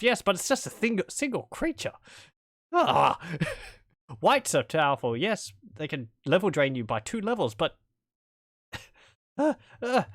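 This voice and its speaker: A man's voice: a little high, dry recording, studio quality. A man casually commenting on a game as he plays, with wry, rambling asides and chuckles. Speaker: let's play commentator.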